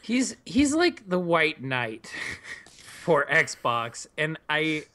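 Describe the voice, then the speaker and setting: A man's voice: fairly high pitch, wildly swooping pitch, very slow, pushed and bright. A man co-hosting a podcast, talking bluntly with plenty of swearing in casual chat. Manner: blunt and profane. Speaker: podcast co-host.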